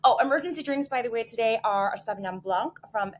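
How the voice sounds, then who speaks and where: A woman's voice: a little high, quick pace, slight background noise. A woman hosting a podcast from home, chatting casually in a giggly, self-deprecating way. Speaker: podcast host. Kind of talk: casual chat. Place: home living room.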